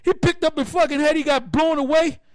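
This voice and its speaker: A man's voice: very high-pitched, fairly quick. A man leading an open forum, telling stories full of profanity and acting out other people's lines. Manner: profane, animated storyteller acting out quotes. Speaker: forum speaker. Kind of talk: casual open-forum talk.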